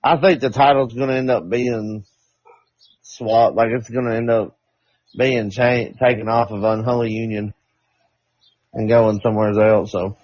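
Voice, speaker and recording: Halting man hedging through podcast chat. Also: medium pitch, flat delivery, a little mellow, no echo. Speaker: podcast co-host. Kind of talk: casual chat. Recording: dull lo-fi dry recording.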